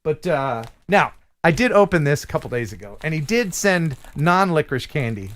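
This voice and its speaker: A man's voice: on the high side, big pitch swings, normal speed, a bit bright, a little hiss or hum. A man hosting a live stream in a casual, jokey way, reading viewer mail aloud and laughing at himself. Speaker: host.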